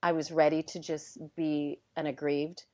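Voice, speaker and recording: Middle-aged woman, lowish voice, casual storytelling, animated, acts out dialogue, emotional, sometimes hushed. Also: measured pace. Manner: heartfelt and emotional. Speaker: guest telling a personal story.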